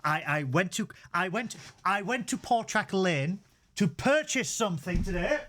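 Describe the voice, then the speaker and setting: A man's voice: sits high, expressive, normal speed, bright, forceful tone. A young man, co-hosting a podcast in casual chat, rambling with stumbling restarts and comic asides. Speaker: podcast co-host.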